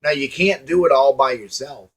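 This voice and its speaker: A man's voice: mid-range voice, normal speed, slightly rough. A man giving a preachy motivational monologue to his viewers, folksy and emphatic, repeating lines and asking rhetorical questions. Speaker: online commentator.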